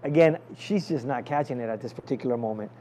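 A man's voice: medium pitch, fast, warm tone. A male pastor preaching in a loose, conversational way and calling for amens from the congregation. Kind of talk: sermon with prayer.

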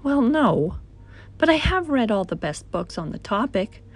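A woman voicing a timid, gentle male monster who breathes through his mouth and speaks mildly. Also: a little high, sing-song, a little slow, dry recording. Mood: meek. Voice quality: breathy, panting. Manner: mild and apologetic.

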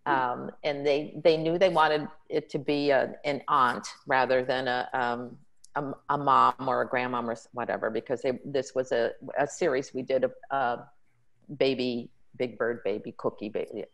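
A woman's voice: a bass voice, steady tone, moderate pace, poor audio. A woman from Hawaii, a puppeteer guest, earnestly recounting her work in a casual video-call conversation. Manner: earnest, with many fillers.

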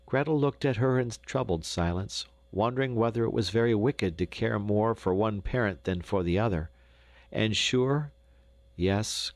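Narrating a classic children's novel as an audiobook, a man reads with expressive storytelling delivery. His voice sits on the low side, recorded on a close studio mic with no room sound.

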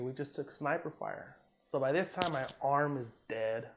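Against background noise, a man with a mid-range voice tells a war story at a moderate pace in a casual interview. He's an Army combat veteran from Southern California, relaxed and profane, leaning on "man" and "you know" and acting out the quotes.

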